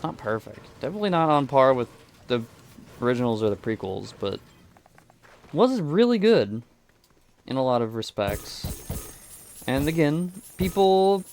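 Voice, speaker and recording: Guy rambling over his game, lots of restarts and trailing off, middle pitch, bit of faint noise. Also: darkish tone. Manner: rambling, hesitant, many restarts. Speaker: gaming video creator. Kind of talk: casual chat while playing.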